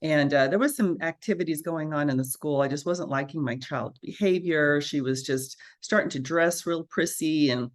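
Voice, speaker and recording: Woman nurse guest telling a personal story, kinda low voice, animated, does little voices for the people she quotes. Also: normal speed, few pauses. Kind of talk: casual interview storytelling.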